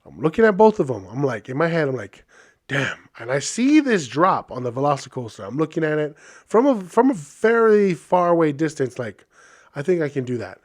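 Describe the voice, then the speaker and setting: A man from Hawaii in his thirties, a podcast host telling a casual story in a chatty, animated way with many fillers. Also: fairly high pitch, fairly quick.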